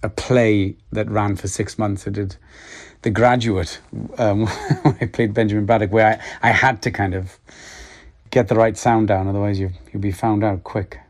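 Halting Welsh actor, interview guest. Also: male voice, lowish voice, fairly even intonation. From Wales. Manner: halting, many restarts, soft laughs. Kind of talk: reflective interview answers.

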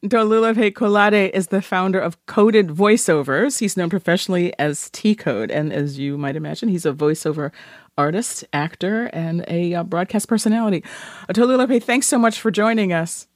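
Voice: mid-range voice, moderate pace, no room sound, clean studio sound. An interview host asking questions in a chatty, hesitant way, often repeating words.

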